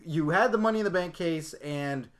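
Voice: mid-range voice, moderate pace, background noise. A podcast host chatting casually, teasing and playing the straight interviewer. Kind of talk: casual chat.

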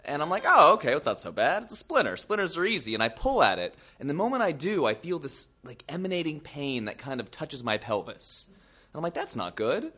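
A young man with a middle-pitched voice tells an embarrassing tale to a crowd. He is self-mocking and animated, breaking off for quick asides. His delivery is loose, personal and comic. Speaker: storyteller. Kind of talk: live comic storytelling.

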